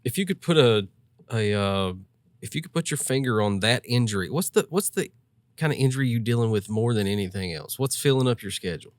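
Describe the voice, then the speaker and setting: A man's voice: medium pitch, expressive, fairly quick, no room sound. A man co-hosting a podcast, chatting casually and throwing in jokes. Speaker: podcast co-host. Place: podcast studio.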